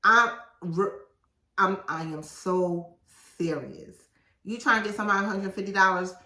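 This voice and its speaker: A woman's voice: mid-range voice, measured pace. Emphatic woman host in an echoey room. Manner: assertive, emphatic and animated. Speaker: podcast host and author. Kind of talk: reading aloud from her own book with casual asides. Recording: roomy echo, mic at a distance.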